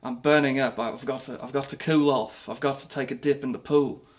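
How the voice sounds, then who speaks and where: Speaking briskly in a mid-range, natural voice with fairly even intonation, a man portrays a has-been British rock singer who is vain and self-pitying. He rambles boastfully through a mockumentary interview, repeatedly stumbling and restarting.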